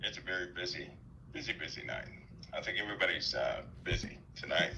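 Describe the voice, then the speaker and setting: A man speaking on a headset as a guest on a talk show, halting, with many fillers and restarts. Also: deep voice, lively intonation, vocal fry, bright, forceful tone, slight background noise, rough recording. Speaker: guest commentator. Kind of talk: call-in talk show chat.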